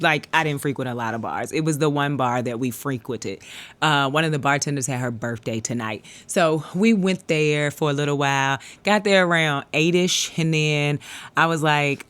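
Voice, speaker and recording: Chatty middle-aged woman vlogger. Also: sits low. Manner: chatty, laughs often, addresses viewers as y'all. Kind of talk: casual late-night vlog chat. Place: home at night. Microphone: handheld pocket camera.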